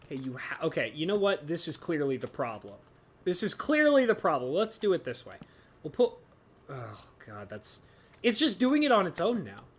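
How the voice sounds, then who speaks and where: Female streamer, lower register, swooping expressive delivery, chatty and quick to groan in frustration. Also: breathy edge. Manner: chatty, talks to herself, exasperated exclamations. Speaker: streamer playing a building game. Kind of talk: casual live-stream commentary.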